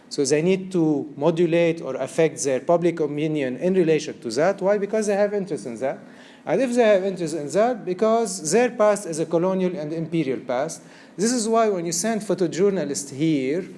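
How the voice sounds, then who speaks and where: A man's voice: a little high, warm tone, slight background noise. A man giving an art lecture, talking discursively with many fillers and often checking that his students are following. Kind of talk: recorded university-style lecture.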